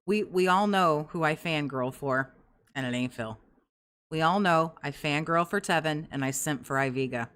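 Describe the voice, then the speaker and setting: A woman's voice: deep voice, moderate pace, fairly bright tone, smooth. A woman hosting a commentary show, reacting to clips in a sarcastic, scornful way and swearing freely. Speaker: commentary podcast host.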